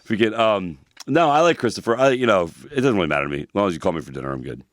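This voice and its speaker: A man co-hosting a casual advice chat show, lively and swearing a lot as he talks about his own life. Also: fairly low pitch, racing, a little hiss or hum. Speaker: podcast co-host, personal trainer.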